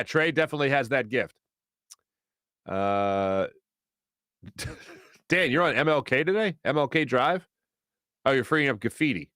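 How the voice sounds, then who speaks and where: A talkative man hosting a morning sports show in a studio, reading viewer comments and riffing on them in a loose, rambling way. His voice sits a bit high and swings up and down a lot. The sound is close and dry, with no room echo. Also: a bit bright. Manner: chatty, rambling, reads viewer comments aloud with quick asides. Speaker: sports radio host reading live chat. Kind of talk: casual morning show chat. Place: radio studio. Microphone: studio microphone.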